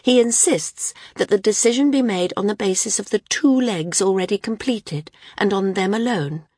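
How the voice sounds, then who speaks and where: A woman voicing an apologetic female judge who explains the dispute in a measured, placating way. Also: mid-range voice, a little mellow, slightly rough, no room sound, studio quality, pitched above the performer's own voice, close to an everyday voice. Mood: explaining.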